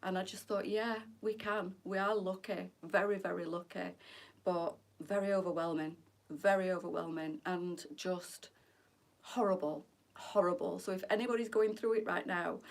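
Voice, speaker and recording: A woman's voice: on the low side, fairly even intonation, moderate pace, vocal fry, distant mic. A middle-aged woman hosting a live boutique sales stream, chatty and emotional, close to tears as she talks to viewers. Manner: emotional, tearful, chatty, addresses viewers as girls. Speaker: live-selling boutique host. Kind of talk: live shopping stream chat.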